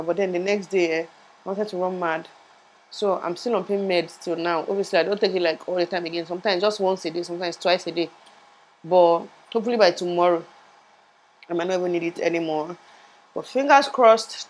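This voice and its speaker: A young woman's lowish voice comes through a low-quality lapel-mic recording with a bit of hiss or hum. She's chatty and rambling in a casual vlog, laughing at herself despite the pain and muffled speech left by her recent tooth surgery.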